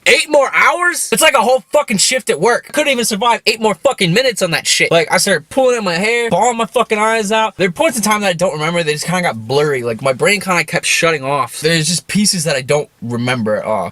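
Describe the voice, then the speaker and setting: A young man telling a rambling comic story in casual speech, swearing heavily and getting animated. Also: on the high side, no echo. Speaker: storyteller host.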